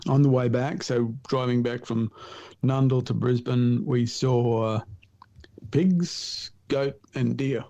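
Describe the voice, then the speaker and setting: A middle-aged Australian man tells hunting stories with a laid-back, animated energy. His voice is gravelly and dark, with a mellow warmth. He chuckles through his own anecdotes. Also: mid-range voice, slow, lo-fi sound. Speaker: podcast guest, hunter and writer. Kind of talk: casual storytelling chat.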